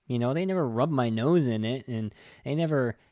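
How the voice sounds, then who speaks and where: Male podcast host, mid-pitched, heated and exasperated, close dry mic. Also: normal speed, a little mellow, no echo. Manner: heated, exasperated, swearing, frequent restarts. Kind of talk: casual film review talk.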